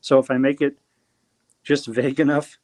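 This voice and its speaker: A man's voice: mid-range voice, flat delivery, normal speed, a little mellow, no echo. Rambling, hesitant male singer-songwriter. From New Jersey. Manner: rambling and hesitant, many fillers and restarts. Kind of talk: casual interview chat.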